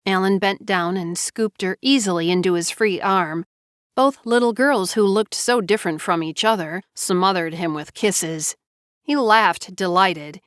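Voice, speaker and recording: A woman narrating a family saga audiobook in a measured storytelling delivery. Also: medium pitch, smooth, no room sound, clean studio sound.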